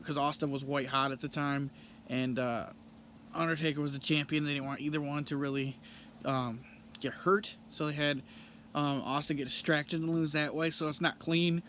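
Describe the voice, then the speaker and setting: A young man hosting a podcast, recapping and reviewing a match in a casual, rambling way with many pauses and restarts. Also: a little high, level tone, a bit bright, a little hiss or hum. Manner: rambling, frequent ums and restarts.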